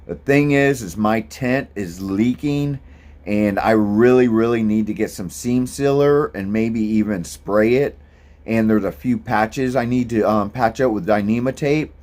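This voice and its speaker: A man's voice: on the low side, measured pace, a little mellow. A man, talking casually and rambling a bit as he vlogs about his hike. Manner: easygoing, rambling, lots of ums. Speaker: thru-hiker vlogger. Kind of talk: casual vlog monologue.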